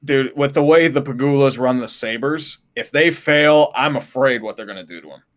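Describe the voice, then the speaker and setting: A man's voice: medium pitch, normal speed. A man co-hosting a casual sports podcast, blunt and wisecracking. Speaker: podcast co-host.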